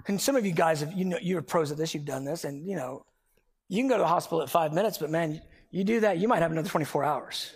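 A man preaching a sermon, emphatic and animated as he tells a personal story. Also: a little high, fast talker, slightly rough. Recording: long hall reverb.

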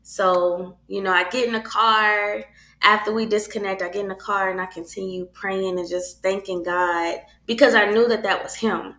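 Bright-voiced woman telling a faith story. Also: medium pitch, moderate pace, reverberant. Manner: animated, acts out quoted voices. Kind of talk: casual personal storytelling.

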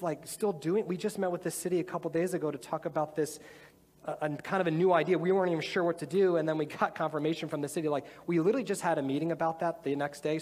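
A man giving a casual, animated sermon, talking conversationally and acting out little voices as he explains. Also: fairly high pitch. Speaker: preacher. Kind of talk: sermon with demonstration. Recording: long hall reverb, faint music.

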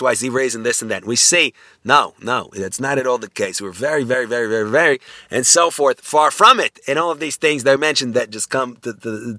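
A man lectures on ethics in a loose, conversational way, often stopping to check in with his listeners. His voice is bright and forward. The sound is close and dry, with no room around it. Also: medium pitch, no echo. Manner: conversational, many restarts, frequent "right?" tag questions.

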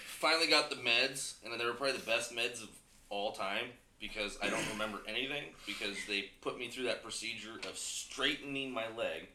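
A man on a casual podcast, relaxed and laughing as he tells a story. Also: medium pitch, a little fast, a little hiss or hum. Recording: roomy echoey room.

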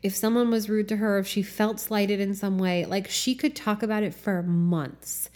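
A woman's voice: medium pitch, steady tone, moderate pace, a little mellow. A woman hosting a solo podcast, reflecting aloud in a casual, candid way, swearing and laughing often with lots of fillers. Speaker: podcast host.

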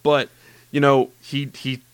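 An excitable podcast host gushes about anime in a casual chat, filling every pause with "like" and "you know." His smooth, clear voice sits at a middle pitch, recorded close and dry with no room sound or echo.

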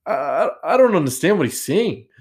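A man voicing a confused Brazilian male coworker with a Brazilian accent, halting and repeating his words. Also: fairly high pitch, big pitch swings, a little mellow, voice pushed up. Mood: bewildered.

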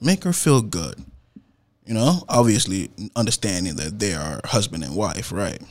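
A man's voice: lowish voice, normal speed. A man, a performance poet, telling a story in a casual, slangy way. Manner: slangy, animated retelling with laughs and acted-out quotes.

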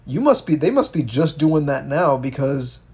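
A man co-hosting a casual political commentary podcast, animated and swearing, with many stumbling restarts. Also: a little high, moderate pace, husky. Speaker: podcast co-host.

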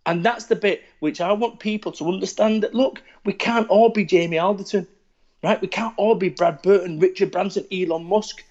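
A man's voice: high voice, moderate pace, muffled recording. Sweary man in his forties. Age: 40s. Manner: blunt, sweary, animated storytelling. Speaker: podcast guest. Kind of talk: casual chat.

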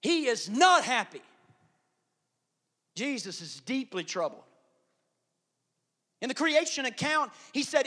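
A man pastor delivering an animated sermon, dropping to hushed asides and rising to loud emphasis. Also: sits high, a little slow, long pauses.

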